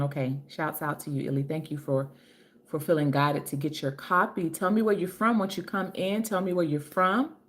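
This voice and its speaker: Chatty woman hosting a livestream from home. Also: lowish voice. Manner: chatty, greets viewers by name; affectionate, calls viewers honey and babe. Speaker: livestream host and author. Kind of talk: casual live-stream chat. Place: home with kitchen and ring light.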